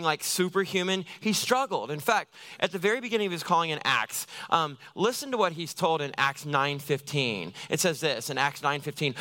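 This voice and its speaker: A man's voice: high voice, bright, forceful tone. A man giving a conversational, jokey sermon as a youth pastor, acting out little everyday scenes.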